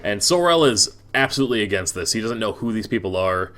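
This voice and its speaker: A man's voice: on the low side, lively intonation, fast talker, a bit bright, soft background music. A young man narrating a tabletop game as game master, rambling with many restarts and fillers.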